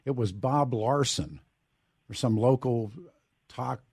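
A radio host with a husky, slightly breathy voice. He talks loosely and jokingly, rambling from point to point. The sound is close and dry. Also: medium pitch, slow pace, a little mellow, no echo. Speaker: radio talk show host. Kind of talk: casual radio talk.

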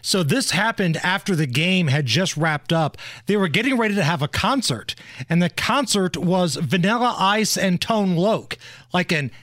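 A man's voice: high voice, lively intonation, moderate pace, fairly bright tone, no echo. A male radio show host in a studio, bantering casually and teasing his co-host with wisecracks.

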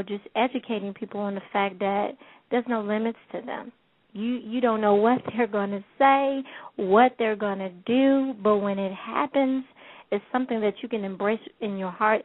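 A woman's voice: mid-range voice, dry recording. A woman telling funny stories in a casual interview, laughing as she talks. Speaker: guest, care program founder. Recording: tinny phone line.

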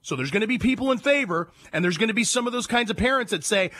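A male talk radio host delivers an emphatic monologue packed with rhetorical questions, his high, bright voice swinging widely in pitch as he tells stories. He talks fast with hardly any pauses, lively and sharp, on a dry recording.

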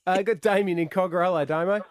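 An Australian man hosting a radio show, with a high voice for a man. He tells stories with big animated swings and breaks into shouting laughter. He sounds a little sick. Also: fast talker. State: unwell, sick. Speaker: radio host. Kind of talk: casual radio banter.

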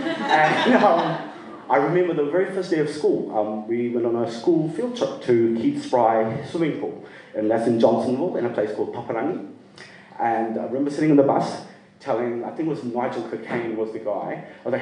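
A middle-aged man from Sri Lanka telling a funny personal story to a live audience, lively and self-mocking, often laughing. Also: mid-range voice, a little fast. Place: performance venue. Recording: roomy sound from a distant mic.

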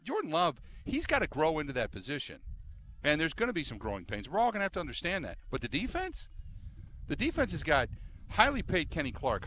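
A man's voice: fairly high pitch, fairly bright tone, a little hiss or hum. A man hosting a sports talk radio show, talking emphatically and with exasperation, often repeating himself.

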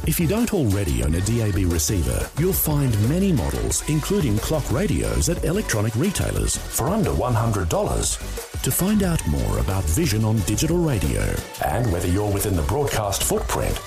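A man's voice: on the low side, wildly swooping pitch, normal speed, gravelly, over music. A man reading a scripted radio advertisement in an informative sales manner. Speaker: radio ad announcer.

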